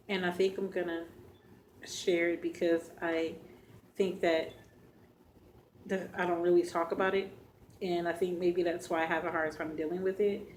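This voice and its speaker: Woman vlogger, lowish voice, halting and earnest storytime telling, faint hum behind. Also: poor audio. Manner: earnest, addresses viewers directly; halting, emotional retelling. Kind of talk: personal storytime vlog.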